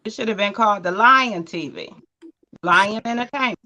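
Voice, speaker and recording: A woman hosting a casual livestream chat, talking in lively, colloquial bursts and laughing often. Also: mid-range voice, normal speed. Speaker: host. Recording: muffled lo-fi stream audio.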